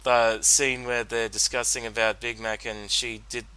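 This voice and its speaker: A man's voice: mid-range voice, little pitch movement, normal speed, sharp tone, clean tone, poor audio. A man giving a solo commentary on a cartoon episode, rambling with many fillers and restarts. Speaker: reaction commentator.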